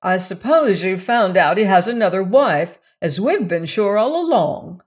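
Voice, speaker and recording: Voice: mid-range voice, animated, unhurried. A narrator doing a stony, unforgiving mother. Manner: cold, stony.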